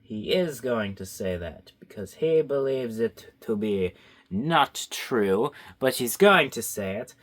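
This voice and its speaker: A man's voice: mid-range voice, lively intonation, slow. A young man rambling to himself in a goofy, offhand way while he draws. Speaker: artist vlogger. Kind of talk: casual talk while drawing.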